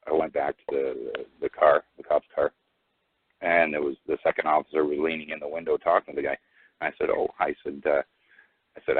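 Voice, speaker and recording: A man's voice: extremely low pitch, breathy edge, dry recording. A man calling in to a talk show, rambling through a story with many fillers and restarts, quoting each side of a conversation. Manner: retells exchanges by quoting both sides. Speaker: caller. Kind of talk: casual storytelling on a call-in show. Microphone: phone. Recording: tinny phone line, dry.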